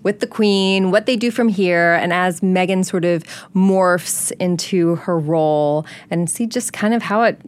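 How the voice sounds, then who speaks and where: A woman with a slightly low voice co-hosting a relaxed podcast. She talks in an easygoing, agreeable way, padding her thoughts with small fillers. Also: a little slow, few pauses. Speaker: podcast co-host. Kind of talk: casual chat.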